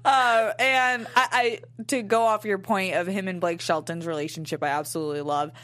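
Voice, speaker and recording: A woman's voice: medium pitch, steady tone, moderate pace, a bit bright. A young adult woman co-hosting a casual review podcast, chatty and upbeat, with plenty of fillers. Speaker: podcast co-host.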